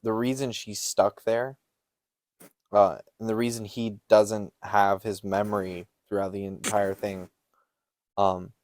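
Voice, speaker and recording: A young man co-hosting a podcast in casual chat, animated and laughing, acting out what people said. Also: on the low side, slow pace, no room sound. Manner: animated, laughing storyteller who acts out quotes. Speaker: podcast co-host.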